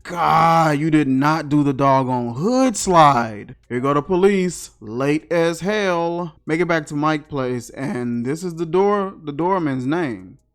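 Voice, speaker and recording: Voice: medium pitch, lively intonation, takes it slowly, few pauses. A movie reviewer giving comedic commentary in slangy casual talk, mocking each scene with incredulous questions.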